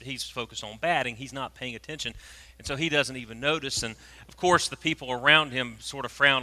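A preacher, telling a story in a sermon and swinging from hushed tones to loud, animated moments. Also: male voice, mid-range voice. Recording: long reverb of a large hall.

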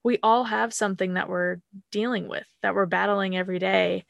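A woman's voice: fairly low pitch, gravelly, fairly bright tone, no room sound, clean studio sound. A woman hosting a podcast, responding to her guest in an enthusiastic, affirming way. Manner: enthusiastic and affirming, with many fillers. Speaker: podcast host. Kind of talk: supportive interview talk.

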